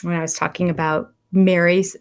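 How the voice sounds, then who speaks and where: A woman's voice: flat delivery, normal speed, clear, resonant tone. Chatty older woman livestream host. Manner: chatty, rambling, laughs often; coos in a high voice to her cats. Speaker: livestream host reviewing a reality show. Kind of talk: casual chat, reading viewer comments.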